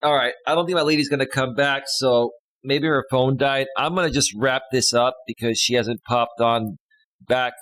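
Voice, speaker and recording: Male live-stream host, life coach, mid-pitched voice, dry close mic, chatty advice-giving delivery. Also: steady tone, moderate pace, a bit bright, no room sound, rough recording. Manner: chatty, gives relationship advice, reads comments aloud. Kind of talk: casual live stream talk. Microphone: studio microphone.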